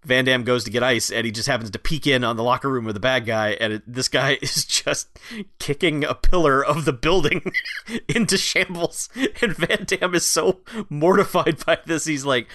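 A man with a bright, forceful voice walks through a movie plot in a casual chat. He drops into mocking impressions of the characters as he goes. The sound is dry and up close. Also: medium pitch, normal speed, no room sound. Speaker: podcast co-host.

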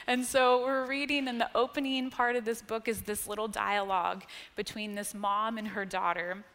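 An American woman in her thirties giving a sermon, telling personal stories in a chatty way, laughing often and dropping to a hush on key points. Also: on the high side, fairly even intonation, normal speed. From United States. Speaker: church speaker. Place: church sanctuary. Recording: long church-hall reverb.

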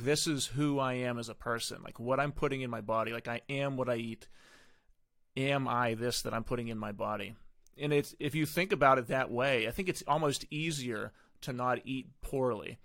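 Man, podcast host, gravelly creaky voice, dry close mic, relaxed and chatty, casual conversation. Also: medium pitch, no room sound. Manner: relaxed, chatty and reflective, quick to laugh.

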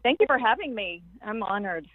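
A fairly quick, expressive woman with a mid-range voice guests on a casual podcast interview as an empowerment coach. She talks emphatically and effusively in long, flowing runs. The line sounds tinny and phone-like, and the recording is dry.

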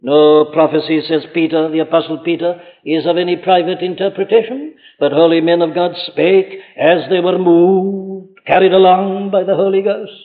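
Older Welsh male preacher, earnest and pressing, higher-pitched, captured on a tinny old recording in a church. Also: fairly even intonation, moderate pace, hardly any pauses. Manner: earnest and urgent, with rhetorical questions. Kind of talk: sermon. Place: church pulpit. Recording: phone-like archive recording in a reverberant hall.

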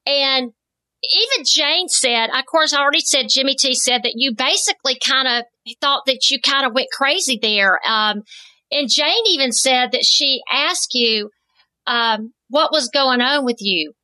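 A woman's voice: high voice, a little slow, pushed and bright, dry recording, low-quality recording. A woman co-hosting a podcast, asking questions in a chatty, enthusiastic way. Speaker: podcast co-host. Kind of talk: casual podcast interview.

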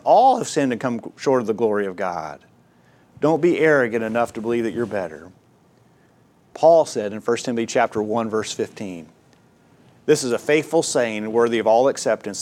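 A man preaching a sermon, earnest and exhorting, who reads scripture aloud in a measured cadence and swings between quiet, low passages and loud, rising emphasis. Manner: earnest preaching with wide swings in pitch and volume.

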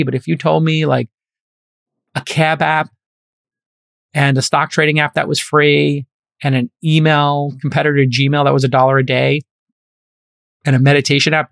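Gravelly fifty-something guy on a podcast, fairly high voice, preachy and emphatic, dry sound. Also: dry recording. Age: 50s. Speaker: podcast host and investor. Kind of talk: casual chat.

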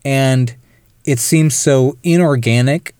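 A man talks through a horror film on a podcast, in a smooth and resonant voice. The sound is dry and close, with no room around it. He breaks into quick impressions of the characters now and then. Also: medium pitch, dry recording. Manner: animated, mimics characters in quick asides. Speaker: podcast co-host. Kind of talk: casual film discussion.

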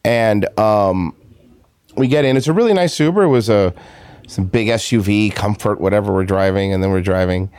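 A man's voice: fairly low pitch, moderate pace, darkish tone, smooth, dry recording. A man co-hosting a podcast, telling a story in casual chat, often repeating and restarting his phrases. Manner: rambling, repeats himself. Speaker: podcast co-host.

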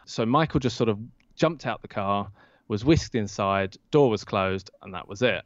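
A low-pitched man spins an anecdote as a podcast guest, acting out the quoted lines. The sound is dull and lo-fi, dry with no room echo. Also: moderate pace. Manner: lively storyteller who acts out quoted lines. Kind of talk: telling an anecdote in an interview.

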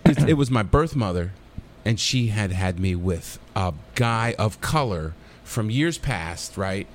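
A man's voice: lowish voice, unhurried. A middle-aged man, a comic actor, telling stories casually in an interview and acting out the voices. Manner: animated, acts out voices in his stories. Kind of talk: casual storytelling in a podcast interview.

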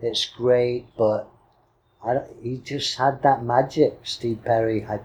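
A man's voice: medium pitch, fairly even intonation, slow, darkish tone, low-quality recording. A man co-hosting a music podcast, enthusiastic and playful, teasing his partner and gushing over singers. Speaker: podcast co-host. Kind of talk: casual music chat.

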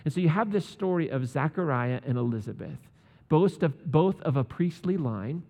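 A man delivers a relaxed, humorous sermon in a slightly high voice. He slips into playful voices for the people he quotes. A long reverb trails his words through the hall. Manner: casual and joking, acts out quotes. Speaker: pastor. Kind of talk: conversational sermon.

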